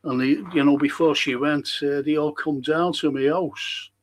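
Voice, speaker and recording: A man's voice: on the high side, fairly even intonation, moderate pace, low-quality recording. A man hosting a casual live stream, chatty and rambling as he reads out viewer comments.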